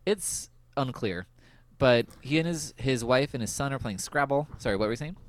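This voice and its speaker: A male podcast host chatting casually about a TV episode, laughing often and filling pauses with "um.". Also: mid-range voice, lively intonation, no echo. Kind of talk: casual chat recapping a TV episode.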